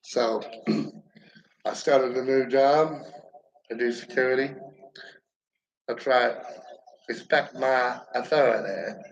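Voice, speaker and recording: A man giving a rambling stand-up comedy monologue, halting and profane, with lots of fillers and restarts. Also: mid-range voice, fairly even intonation, gravelly, dull audio. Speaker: amateur comedian.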